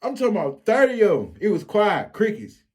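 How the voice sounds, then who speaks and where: Brief: man with a Flint accent, slightly high voice, loose profane storytime delivery. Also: brisk. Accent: Flint, Michigan. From Flint, Michigan. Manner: animated street storytelling, profane slang. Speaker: storyteller vlogger. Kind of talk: casual storytime monologue.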